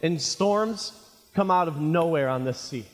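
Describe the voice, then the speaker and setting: A male pastor preaching a sermon, animated and jokey, calling his listeners friends. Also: a little high, unhurried. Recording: reverberant hall.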